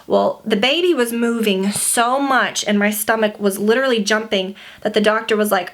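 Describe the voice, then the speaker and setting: A woman's voice: a little high, fairly quick, hardly any pauses, fairly bright tone. A young woman chatting casually to camera as a beauty vlogger, filling her talk with "like" and "you know.". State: pregnant.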